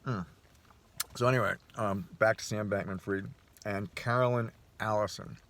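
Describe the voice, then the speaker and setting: Male vlogger, lowish voice, loose rambling monologue with restarts and chuckles. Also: steady tone, normal speed, fairly bright tone. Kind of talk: casual personal monologue.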